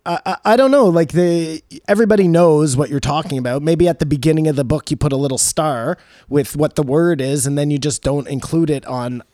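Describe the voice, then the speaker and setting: A man co-hosting a casual podcast chat, his voice dark and mellow. He thinks aloud in a rambling, speculative way. The sound is close and dry, with no room around it. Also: on the high side, brisk, no echo. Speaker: podcast co-host. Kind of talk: casual discussion.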